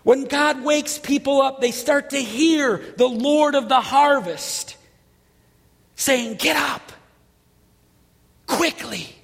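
High-voiced, gravelly preacher man. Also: slow, in a large hall. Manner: animated, shouts at story peaks. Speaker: pastor. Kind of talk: sermon with storytelling.

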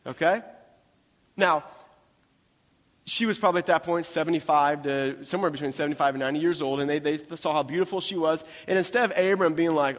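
A man preaching a sermon in a conversational, humorous way with quick asides. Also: a little high, long reverb tail. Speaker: pastor.

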